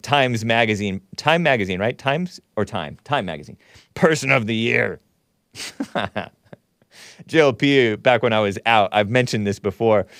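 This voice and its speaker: A male host delivers an offhand commentary monologue with a dry, close sound. He reads news out loud and cuts in with sarcastic, mocking remarks, chuckling as he goes. His pitch sits in an ordinary middle range for a man. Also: no echo. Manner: sarcastic, mocking asides, chuckles while reading.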